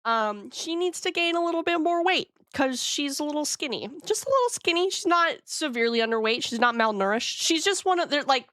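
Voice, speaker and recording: Bubbly, high-voiced young woman streamer. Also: brisk, hardly any pauses, no room sound, clean studio sound. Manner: gushing, excitable, swears freely. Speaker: VTuber streamer. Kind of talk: casual live-stream chat.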